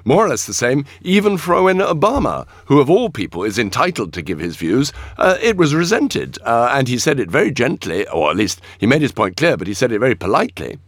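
A man's voice: mid-range voice, very animated, a little fast, few pauses, no room sound, clean studio sound. A man speaking as a guest on a broadcast panel, articulate and assured.

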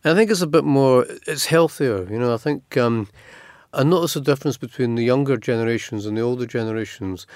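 A man's voice: mid-range voice, brisk, a little mellow, no room sound. Scottish man, middle-aged, reflective, rambling, dry close sound. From Scotland. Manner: rambling, reflective, many fillers and restarts. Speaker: writer, interview guest. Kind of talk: conversational interview answers.

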